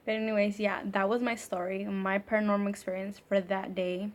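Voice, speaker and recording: A woman's voice: mid-range voice, flat delivery, fairly quick. A woman telling a ghost story in a storytime vlog, casual and profane, filling her sentences with "like". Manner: casual and profane, heavy use of filler "like". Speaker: vlogger.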